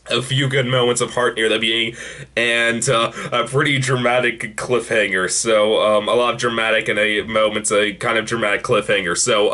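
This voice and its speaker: A man giving a casual spoken review of a TV episode, excitedly retelling scenes in a rambling way with frequent restarts. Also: mid-range voice.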